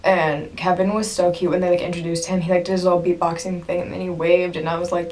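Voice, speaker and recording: Gushing young woman vlogger, slightly low voice. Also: little pitch movement, fast, few pauses, a little mellow. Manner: gushing, breathless, bursts of laughter and drops to a whisper. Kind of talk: casual excited storytelling to camera.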